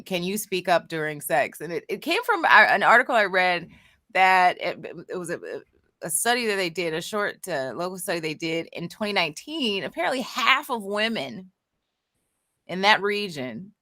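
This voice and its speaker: A woman's voice: on the low side, animated, normal speed, bright, forceful tone, no echo, clean studio sound. A woman co-hosting a casual podcast, talking candidly and reflectively with frequent restarts. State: emotional after crying. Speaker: co-host.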